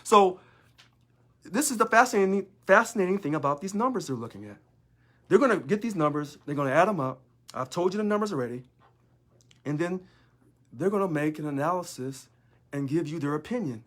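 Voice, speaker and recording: A man's voice: on the high side, expressive, fairly quick, pauses often, fairly bright tone. A man, a union local leader, talking in a sarcastic monologue full of rhetorical questions. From United States. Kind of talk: casual monologue video.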